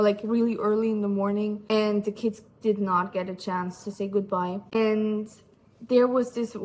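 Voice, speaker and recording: A young woman vlogging a casual book review, enthusiastic and rambling, with many fillers. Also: medium pitch.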